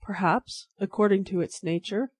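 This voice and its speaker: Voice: moderate pace, slightly rough, lightly acted. A reader voicing a grim terse wine-shop keeper. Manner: terse, low-voiced.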